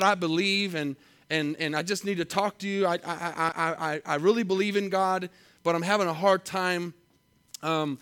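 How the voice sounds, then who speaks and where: A man preaching a sermon, reading scripture slowly and with emphasis, then telling a story in a conversational way. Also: sits high, fairly bright tone. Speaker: pastor.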